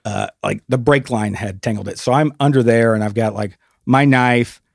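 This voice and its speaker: A man's voice: mid-range voice, normal speed, creaky, darkish tone, no echo, studio quality. A man hosting a podcast, telling an awkward story in a casual, self-mocking way and laughing easily. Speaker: podcast host.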